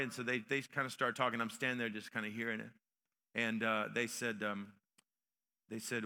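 A man preaching a sermon as pastor, rising to loud emphatic peaks and dropping to quiet storytelling. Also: medium pitch, flat delivery, a little fast. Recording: long reverb of a large hall.

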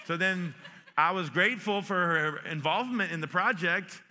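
Man, pastor, sermon, folksy storyteller, somewhat high voice, long church reverb. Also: moderate pace, bright, forceful tone. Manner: folksy, joking storyteller with many restarts. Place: church sanctuary.

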